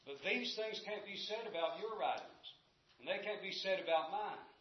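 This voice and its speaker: A man with a slightly high voice leads a church Bible class, reading scripture aloud and quizzing his students as he goes. The room rings with echo, and the recording sounds dull and lo-fi. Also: moderate pace, slight background noise.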